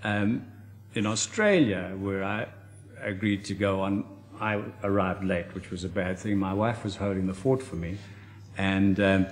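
South African male author, fifties, lowish voice, dry self-mocking wit. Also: steady tone, measured pace. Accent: South African English. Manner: dry, self-deprecating humour. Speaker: author guest. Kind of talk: TV chat show interview.

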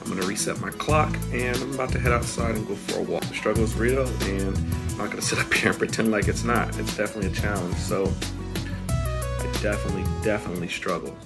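A man's voice: lowish voice, fast talker, loud music behind the voice. A man talking candidly to his vlog audience, frustrated and hard on himself, recorded outdoors on a porch. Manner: frustrated, candid, self-critical. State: out of breath. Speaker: vlogger. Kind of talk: casual vlog.

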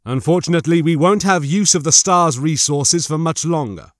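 A man doing a calm, formal team leader. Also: fairly high pitch, no room sound, studio quality, pitched above the performer's own voice, natural voice. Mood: measured. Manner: formal, measured.

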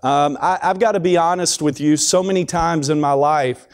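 A man's voice: fairly high pitch, normal speed. A man giving a devotional talk at a school chapel, speaking conversationally with frequent restarts and repeated words.

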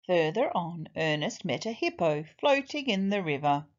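A woman teacher reading a children's storybook aloud in an expressive, deliberate way. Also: on the low side, dull audio.

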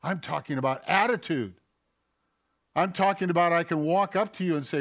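A man preaching from the pulpit of a church, his voice pitched a little higher than most men's. He delivers an animated sermon, firing off rhetorical questions and slipping into acted-out voices to make his points. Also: normal speed. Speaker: pastor. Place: church sanctuary.

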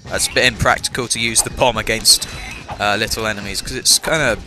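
A man's voice: fairly low pitch, steady tone, fairly quick. A young man with an English accent and a slight cough, chatting casually while he plays a game. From England. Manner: chatty, self-mocking, many fillers. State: has a cough. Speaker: let's-play gamer. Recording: voice over game music.

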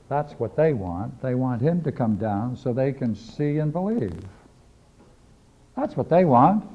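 A man's voice: mid-range voice, very animated, measured pace, breathy edge. A man teaching a philosophy class, lecturing emphatically and repeating key phrases as he reads and discusses scripture. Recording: dull lo-fi videotape recording.

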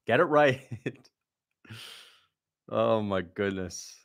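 A man's voice: fairly low pitch, expressive, takes it slowly, long pauses. Young guy on a livestream, blunt and sarcastic, chatty and mocking. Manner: blunt, sarcastic, mocking, reads viewer questions aloud. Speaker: livestream host reacting to a fight. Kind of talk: casual livestream chat.

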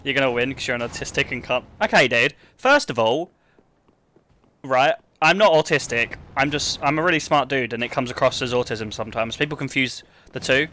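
A young man with a British accent chats with his viewers while he plays, reading their comments aloud and joking back. His voice is bright and forward, even though he's feeling sick. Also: mid-range voice, fairly quick, a little hiss or hum. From United Kingdom. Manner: joking, banter with chat, reads comments aloud. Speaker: streamer. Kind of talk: casual live-stream chat while gaming.

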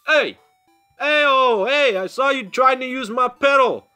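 A man voicing an indignant, high-pitched male character who shouts at someone for touching his flower petal. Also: unhurried, faint music behind, exaggerated voice.

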